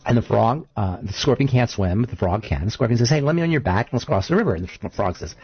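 A man hosting a talk radio show, chatting casually and telling stories in an animated, argumentative way. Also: lowish voice, fast, few pauses, husky, dull audio. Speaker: show host.

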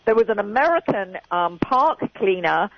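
A woman's voice: mid-range voice, lively intonation, moderate pace, a little hiss or hum. An older woman in her sixties with an English accent, a guest in a casual radio chat who talks emphatically and repeats her key points. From England. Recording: dull radio or phone audio.

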